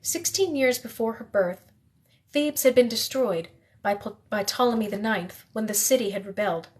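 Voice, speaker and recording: A woman reading a novel aloud in the first person, steady, with the odd slip she corrects. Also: on the high side, moderate pace. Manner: steady reading with occasional slips and self-corrections. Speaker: reader.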